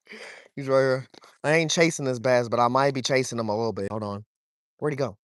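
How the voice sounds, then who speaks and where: A young man, talking to his chat while wading and fishing, swearing freely and getting excited over a fish. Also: lowish voice, no echo, studio quality. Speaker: fishing vlogger. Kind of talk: casual vlog narration while wading. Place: outdoors, wading in a shallow creek.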